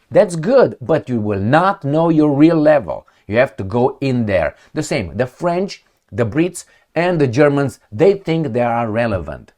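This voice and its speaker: A man giving opinionated commentary on news headlines, mocking and emphatic, often repeating himself for effect. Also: mid-range voice. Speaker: political commentator.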